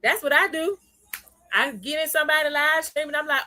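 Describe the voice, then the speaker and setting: Chatty bright-voiced woman livestream host. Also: high-pitched, a little fast, no echo. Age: adult, parent of a young child. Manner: chatty, laughs often, greets viewers by name. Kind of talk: casual livestream chat.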